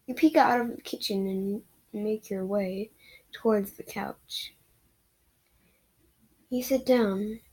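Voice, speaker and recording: A woman's voice: mid-range voice, fairly even intonation, takes it slowly, pauses often, a little mellow, slightly rough, rough recording. A woman reading a romance fan story aloud in a casual way, sometimes stumbling over words. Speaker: reader of fan fiction.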